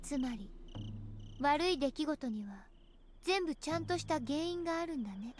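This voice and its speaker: A voice actress playing an eerily calm teenage girl in a game, speaking softly and sometimes dropping to a whisper. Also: high-pitched, fast, a little hiss or hum. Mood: eerie calm. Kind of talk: Japanese game voice acting.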